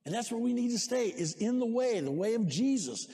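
A male pastor preaching a sermon, exhorting the congregation, calling for amens and shouting at the peaks. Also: very high voice, expressive, a little fast. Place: church sanctuary. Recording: long reverb of a large hall.

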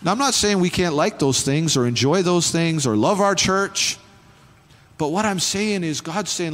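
A man's voice: fairly high pitch, animated, moderate pace, a bit bright. Impassioned man preaching in a reverberant hall. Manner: impassioned, rising to fervent calls to the congregation. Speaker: pastor. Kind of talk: sermon. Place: church sanctuary. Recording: long hall reverb with faint music.

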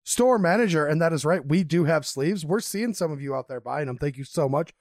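Lively young man on a dry mic. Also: a little high, a little fast, no echo. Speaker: podcast co-host. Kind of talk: casual banter.

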